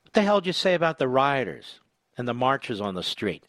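A man's voice: mid-range voice, sing-song, fairly quick, fairly bright tone, no echo. A man hosting talk radio, delivering combative, sarcastic commentary.

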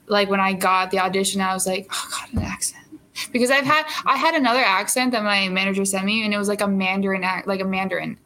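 A young actress chatting in an interview, animated and full of fillers and laughs. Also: female voice, medium pitch, fast, hardly any pauses, low-quality recording. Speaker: actress guest. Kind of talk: casual interview chat.

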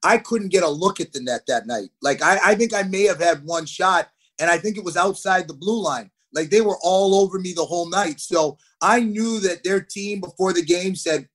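A man in his thirties, a hockey player telling stories as a podcast guest, animated and acting out what people said. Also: high-pitched, moderate pace. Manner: animated, acts out quotes. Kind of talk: podcast interview, storytelling.

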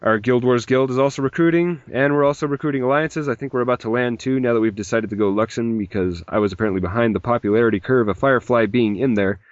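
Here the host talks quickly at medium pitch with few pauses, his dry, dull lo-fi sound typical of a casual podcast. Though he has a mild migraine, he keeps rambling and joking as he reads out messages from listeners.

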